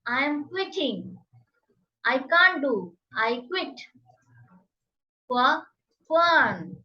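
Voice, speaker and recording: Slow, sing-song woman teaching phonics. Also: sits high, very animated, distant mic, lo-fi sound. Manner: slow, carefully enunciated, sing-song drilling of words. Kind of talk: children's phonics lesson.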